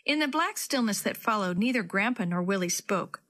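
A woman reading a chapter book aloud to children in a friendly, expressive way. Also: mid-range voice, moderate pace. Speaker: children's story reader. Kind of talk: storybook read-aloud.

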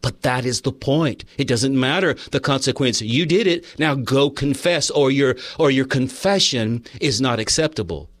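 A man's voice: medium pitch, lively intonation, normal speed, hardly any pauses, no room sound. A man preaching a sermon, earnest, telling personal stories and reading passages aloud from a book. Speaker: pastor.

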